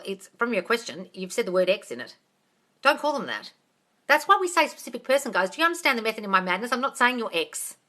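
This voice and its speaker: A woman coaching viewers on manifesting during a casual live Q&A, blunt and full of swearing, calling everyone darling and swinging between loud excitement and low asides. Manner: blunt, swears freely, calls listeners darling. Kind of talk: casual live Q&A, reading out comments.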